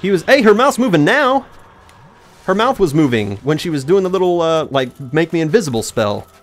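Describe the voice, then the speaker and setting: A man's voice: fairly high pitch, fairly quick. A young man narrating a rambling personal story while talking back to the video game he is playing. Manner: rambling, animated, talks to the game mid-story. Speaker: gaming YouTuber. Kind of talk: let's play commentary with storytelling.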